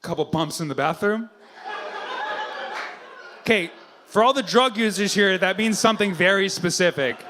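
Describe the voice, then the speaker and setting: A man doing stand-up crowd work, teasing and profane in quick banter with the audience. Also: high-pitched. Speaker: stand-up comedian. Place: comedy club stage.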